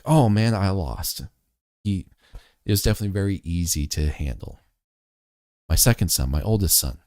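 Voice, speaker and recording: A man with a low, mellow voice speaks slowly and earnestly, as if recounting a lesson from home. The sound is close and dry, with no room around it. He talks with the reflective steadiness of a motivational vlogger. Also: no room sound. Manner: earnest, measured, storytelling. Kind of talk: reflective talk to camera.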